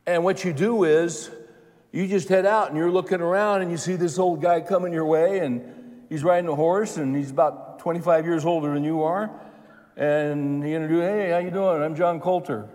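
A man's voice: a little high, steady tone, normal speed, darkish tone, long reverb tail. A man in his seventies preaching a sermon in a folksy, conversational way, repeating phrases for emphasis. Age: 70s.

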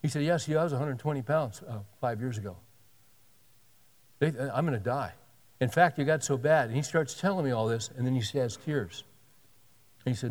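A man's voice: medium pitch, fairly quick, long pauses. Man preaching with long hall reverb. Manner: animated storytelling, acting out dialogue. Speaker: pastor. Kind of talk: sermon storytelling.

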